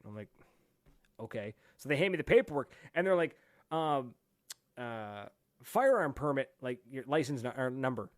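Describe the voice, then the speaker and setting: A man from Canada hosting a podcast, telling a lively story in casual chat, acting out what people said and laughing often. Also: mid-range voice, normal speed, no echo. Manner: animated storyteller, acts out quotes, laughs often. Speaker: podcast host.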